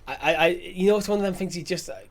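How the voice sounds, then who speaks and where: A man's voice: sits high, quick pace. A man co-hosting a casual podcast, rambling and repeating himself as he thinks, recorded over a remote call. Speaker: podcast co-host. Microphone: remote call mic.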